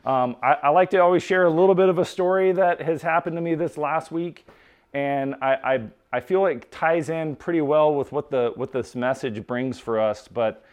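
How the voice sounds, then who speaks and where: A man preaching in a relaxed, conversational way, telling stories with many restarts and casual asides. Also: a little high, moderate pace, clear, resonant tone. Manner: informal, lots of restarts and "like". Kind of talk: conversational sermon storytelling.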